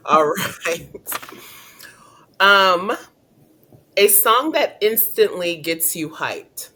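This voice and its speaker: A woman's voice: medium pitch, very animated, very slow, long pauses, pushed and bright. Woman coach hosting an interview, chatty and upbeat, laughs a lot. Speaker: career coach and host. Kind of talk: casual interview.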